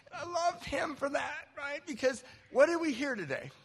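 A man in his fifties from Southern California, speaking at a recovery meeting and telling a personal story in an animated, self-mocking way. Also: very high-pitched, normal speed, vocal fry. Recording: reverberant hall.

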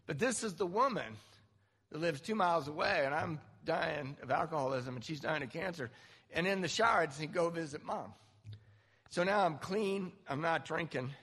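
A man sharing a candid, self-mocking recovery story to a group, with halting restarts. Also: a little high, a bit bright, breathy edge, big-room sound. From Southern California. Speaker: recovery speaker. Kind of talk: personal story talk.

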